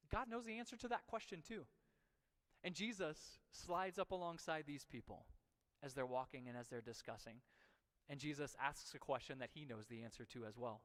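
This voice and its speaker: A male pastor preaching in a conversational, storytelling manner and acting out the voices of the people he quotes. His voice sits a little high, and the long reverb of a church sanctuary trails behind each phrase. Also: moderate pace, a bit bright. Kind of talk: sermon.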